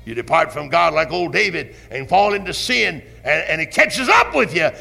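A man preaching a fiery old-time sermon with a Southern accent, impassioned and building to shouts with drawn-out emphasis. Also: a little high, big pitch swings, vocal fry. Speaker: pastor. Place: church sanctuary. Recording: 1970s church recording with long hall reverb.

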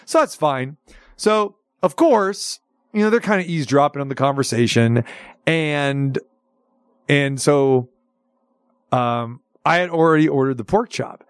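A male talk show host telling a long story in a chatty, animated way, with lots of restarts. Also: a little high, unhurried, smooth, dry recording, studio quality. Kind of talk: casual storytelling chat.

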